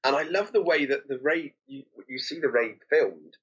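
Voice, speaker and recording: A man's voice: medium pitch, moderate pace, a bit bright, husky, lo-fi sound. A man co-hosting a film podcast, sharing behind-the-scenes trivia in a hesitant way, often repeating words as he goes. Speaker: podcast co-host. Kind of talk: casual film discussion.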